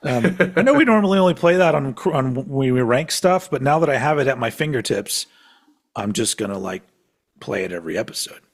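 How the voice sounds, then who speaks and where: A medium-pitched, expressive man talks fairly quickly as co-host of a casual podcast, rambling from one tangent to the next, cursing freely and laughing often.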